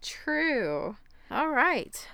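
A woman co-hosting a podcast, retelling a story in casual chat with wry, sarcastic asides and quick acted-out lines. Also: sits high, sing-song, sharp tone. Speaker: podcast co-host recapping a show.

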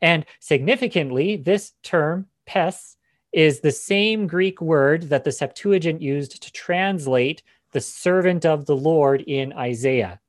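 A man's voice: on the high side, takes it slowly, no room sound. Man teaching scripture, dry close sound. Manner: explanatory, frequent fillers and restarts. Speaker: Bible teacher.

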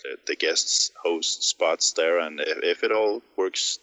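Deep, bright-toned co-host man. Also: dry recording. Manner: halting, restarts a lot. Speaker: podcast co-host. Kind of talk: casual chat.

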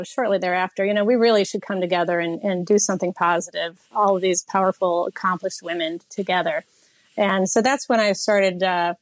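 A woman's voice: mid-range voice, no echo. Middle-aged woman pilot, dry sound. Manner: earnest, with fillers and restarts. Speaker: guest, airline pilot. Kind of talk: interview answers.

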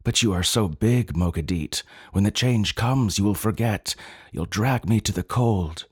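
A man's voice: on the low side, unhurried, slightly rough, no echo, clean studio sound, voice pushed up. A man voicing a young female alien creature who is anxious and pleading. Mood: fearful.

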